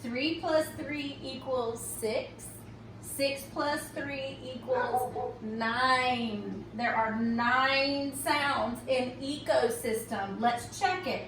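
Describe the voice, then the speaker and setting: High-voiced lady teacher going slow over phonics, sounds a bit far from the mic, roomy echo. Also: fairly bright tone, slight background noise. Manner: slow and patient, checks in with "okay?". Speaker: reading teacher. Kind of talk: recorded phonics tutorial. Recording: echoey room, mic at a distance.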